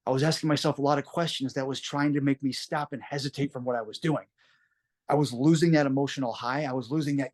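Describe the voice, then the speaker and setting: Guy being interviewed, mid-pitch voice, earnest and reflective, just telling it straight. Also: fairly even intonation, quick pace, darkish tone. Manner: earnest, plain-spoken, reflective. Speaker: interview guest. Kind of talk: personal story told in an interview.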